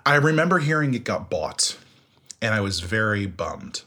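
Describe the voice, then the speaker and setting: A man's voice: fairly low pitch, normal speed. A man guest in a casual interview, telling stories animatedly, laughing and acting out what people said. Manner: animated, laughing, acts out quotes.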